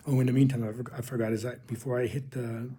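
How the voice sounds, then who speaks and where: A man recounting a spiritual vision as a testimony, speaking earnestly with halting restarts and calling his listeners "people". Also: mid-range voice, flat delivery, dark tone, slight background noise. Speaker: religious video host.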